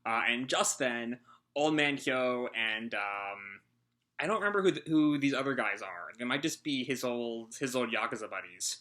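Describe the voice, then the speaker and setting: A man's voice: mid-range voice, lively intonation, moderate pace, pushed and bright. Breathless man rambling through a reaction recap. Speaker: manga reaction host. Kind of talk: casual live reaction commentary.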